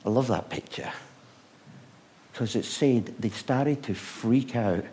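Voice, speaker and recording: A man preaching a sermon, retelling stories with rhetorical questions, moving between loud bursts and hushed moments. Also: mid-range voice, takes it slowly.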